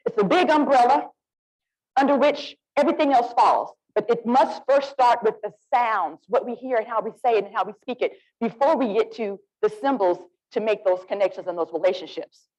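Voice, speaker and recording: A woman with an Alabama Southern accent, leading a lively, interactive literacy workshop and coaxing the audience to join in. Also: fairly high pitch, brisk, poor audio. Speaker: literacy presenter.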